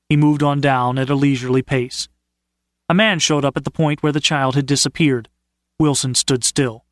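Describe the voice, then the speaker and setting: A man narrating an audiobook in a measured, steady storytelling manner. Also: fairly high pitch, no room sound, studio quality. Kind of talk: scripted narration.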